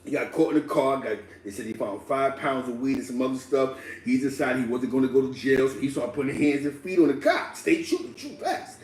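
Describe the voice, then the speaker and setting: A man tells a street story in loose slang, his pitch leaping high and low as he laughs and plays out every person in it. He sits a bit back from the mic in a roomy, echoing space. A faint hum of ambience sits underneath. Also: lively intonation, a little fast, few pauses, darkish tone, distant mic. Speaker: guest telling a street story. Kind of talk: animated casual storytelling.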